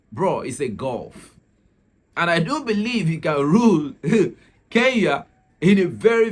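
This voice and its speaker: Male channel host from Nigeria, casual chatty commentary, animated delivery, laughs a lot. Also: on the high side, husky. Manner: chatty, laughs often, repeats words.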